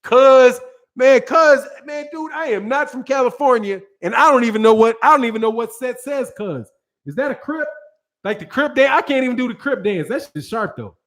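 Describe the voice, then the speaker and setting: A Midwestern American man hosting a casual livestream, talking in an animated, profane way and reading viewer chat aloud. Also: very high voice, fairly quick. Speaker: host.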